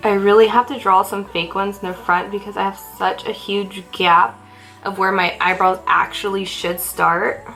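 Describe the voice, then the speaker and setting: A young woman talks her way through a quick makeup routine for a vlog, chatty and self-mocking as she works. She sounds a little out of breath, and faint music plays in the background. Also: mid-range voice, gravelly, sharp tone, rough recording. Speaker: beauty vlogger. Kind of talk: casual get-ready-with-me makeup chat.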